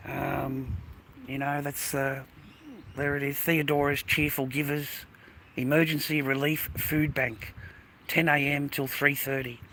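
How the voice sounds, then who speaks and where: A man with an Australian accent and a bright, forceful voice rambles aggrieved through a live stream, dropping curses every few words. He talks outdoors in an industrial area, with faint noise behind him. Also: medium pitch, level tone, measured pace. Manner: swears constantly, aggrieved and rambling. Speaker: livestreamer.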